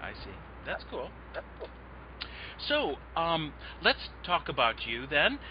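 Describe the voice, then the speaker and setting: A man's voice: fairly high pitch, big pitch swings, takes it slowly, slight background noise. A man hosting a podcast interview, talking in a campy, flirtatious, teasing way. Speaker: podcast host. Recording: muffled lo-fi audio, faint music.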